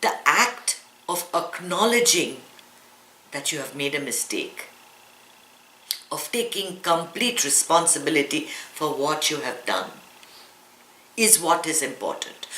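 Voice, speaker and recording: A deep, slightly bright voice belongs to a woman meditation teacher giving a spiritual talk before a live audience. She is earnest and explanatory, frequently asking rhetorical questions, and the room is echoey with faint ambience.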